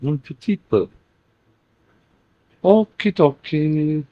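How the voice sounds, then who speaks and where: A man channeling a playful, teasing female spirit in a slow, halting way, in a channeling session. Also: a little high, expressive, no room sound. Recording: dull dry lo-fi recording.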